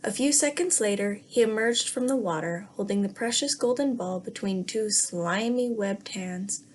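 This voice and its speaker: A woman teacher reading a fairy tale to young children in a gentle way, pausing to ask the class questions. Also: mid-range voice, slight background noise. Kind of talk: read-aloud lesson for young children.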